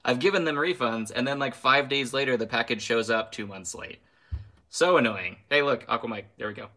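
A man's voice: mid-range voice, a little fast, bright, forceful tone. A young man hosting a casual live stream, ranting with heat, then apologizing with a laugh and reading out viewer names. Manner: reads viewer names aloud.

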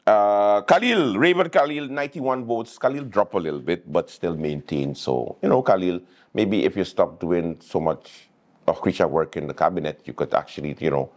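A man's voice: low-pitched, expressive, normal speed. A man hosting a late-night show, teasing people in a comic monologue. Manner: teasing, joking.

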